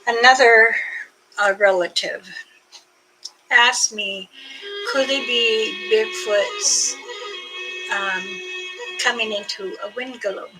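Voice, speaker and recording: An older woman, a spiritual elder, talking casually and offering prayers in a halting, unhurried way with many fillers, a little out of breath. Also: a little high, expressive, over music, poor audio. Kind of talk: casual spoken prayer and talk.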